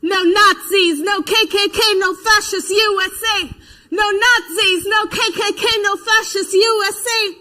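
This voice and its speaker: A stage actress delivers a verbatim theater monologue as an adult female protester, recounting eyewitness testimony and vividly voicing the people she quotes. Her voice sits high, pushed and bright, animated yet unhurried, and heavily acted.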